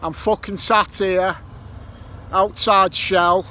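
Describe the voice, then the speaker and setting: Vlogger, male, high bright voice, slow and sweary, with traffic faint behind him. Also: steady tone. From Ireland. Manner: sweary, grumbling, improvises rhymes. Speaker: metal detecting vlogger. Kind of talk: casual vlog monologue. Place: outdoors by a roundabout near a petrol station. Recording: faint traffic noise outdoors. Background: passing traffic.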